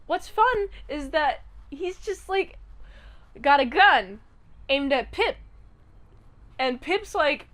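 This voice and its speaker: High-voiced chatty woman reviewer. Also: slow. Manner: chatty and animated, acts out quotes. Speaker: show reviewer. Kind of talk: casual episode recap.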